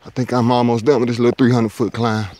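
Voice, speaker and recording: A thru-hiker vlogs casually while climbing a forested mountain ridge, a bit winded, laid-back, talkative, and jokey. His medium-pitched voice has a flat delivery, a darkish tone, and a fast pace.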